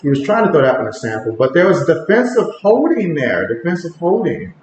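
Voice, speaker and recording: A man with a slightly high voice hosts a relaxed sports livestream from home, reading out chat comments and calling each play. He sounds echoey in a bare room, and a faint hum of ambient noise sits behind him. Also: brisk. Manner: reads viewer comments aloud, rises with excitement on plays.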